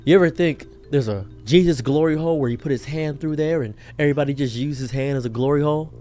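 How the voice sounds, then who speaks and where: Exasperated man ranting, higher-pitched voice. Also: quick pace, faint music behind. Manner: exasperated ranting, swings from loud outbursts to muttered asides. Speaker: commentary streamer. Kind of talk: reaction commentary.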